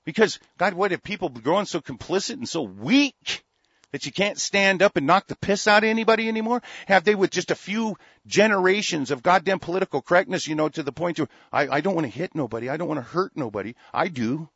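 An older man hosting talk radio delivers an angry political rant, cursing often and restarting his sentences frequently. His voice is high-pitched, brisk and fairly bright, recorded without echo but with the highs cut off.

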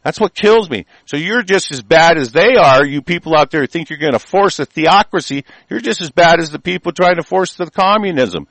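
Heated, rambling man with a lively voice. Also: on the high side, a little fast, few pauses, no echo, poor audio. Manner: heated and rambling, frequent stumbles and fillers, profane. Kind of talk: political rant monologue.

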